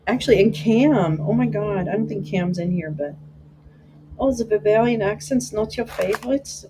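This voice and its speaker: A woman's voice: medium pitch, expressive, a little slow, long pauses, warm tone, slight background noise, rough recording. A woman hosting a live stream, chatting casually with viewers and answering their comments in a meandering way with frequent restarts.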